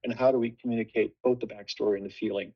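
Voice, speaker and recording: Gravelly man musing on set design. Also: lowish voice, fairly even intonation, very fast, lo-fi sound. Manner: thoughtful, many restarts. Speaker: production designer. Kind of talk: casual panel discussion.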